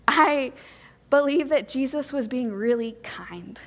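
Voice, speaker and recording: A woman preaching a sermon to a congregation, gentle, earnest and reflective. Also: high voice, animated, moderate pace, in a large hall.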